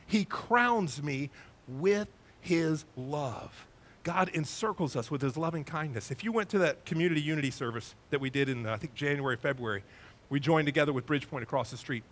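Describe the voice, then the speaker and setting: A man, a pastor preaching a sermon in a church, lively and conversational, telling stories to his congregation. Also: a little high. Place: church sanctuary.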